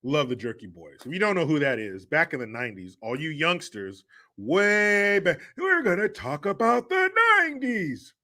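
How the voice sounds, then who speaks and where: A rambling, profane male host chatting casually, laughing as he goes. His voice is bright and forward, sitting a little higher than average. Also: big pitch swings, normal speed. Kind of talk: casual rant and chat.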